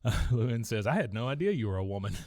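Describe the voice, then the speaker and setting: A man's voice: medium pitch, very animated, fast, a little mellow, dry recording, studio quality. Man recapping a show with easy laughs. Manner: laughs often, reads quotes in lightly changed voices. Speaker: podcast co-host recapping an episode. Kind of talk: casual chat, reading out scenes.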